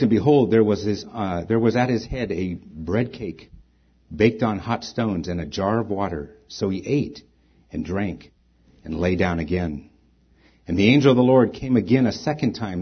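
A man's voice: on the low side, slightly rough, highs cut off. A man preaching a sermon as pastor, reading scripture aloud with rising emphasis and then speaking plainly to the congregation.

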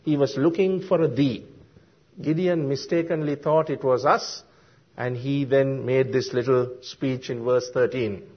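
A man preaching a sermon, explaining Bible verses slowly and deliberately with frequent ums and uhs. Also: mid-range voice, fairly even intonation, breathy edge. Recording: dull lo-fi sermon recording.

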